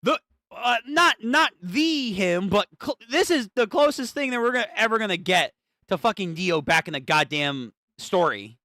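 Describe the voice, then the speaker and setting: A young streamer reacting live to a manga, excitable and profane, often stammering and repeating words. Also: mid-range voice, normal speed, dry recording, clean studio sound. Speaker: streamer reading a manga aloud.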